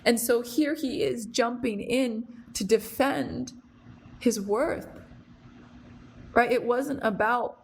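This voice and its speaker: On the high side, her voice comes with a little hiss or hum in the background. She's a young adult podcast host in a reflective storytelling monologue, earnest and rambling with fillers and restarts, and she gets emotional to the brink of tears.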